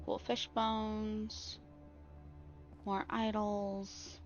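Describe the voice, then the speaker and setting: A woman's voice: medium pitch, extremely slow, lo-fi sound, soft background music. A woman streaming a horror game, swearing freely and jumpy at scares. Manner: profane, jumpy and excitable. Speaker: live streamer. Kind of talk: casual gameplay commentary.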